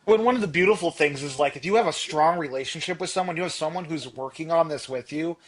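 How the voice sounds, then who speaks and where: A man's voice: fairly high pitch, fast. A man co-hosting a podcast in casual reflective chat, explaining ideas earnestly with personal examples. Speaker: podcast co-host.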